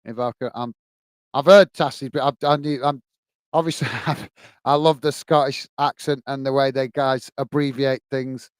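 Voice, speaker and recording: A man's voice: mid-range voice, fairly even intonation, normal speed, clean tone, no echo. A man from England hosting a football watch-along, chatting casually and reading out viewer comments with friendly thanks. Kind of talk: casual live-stream chat.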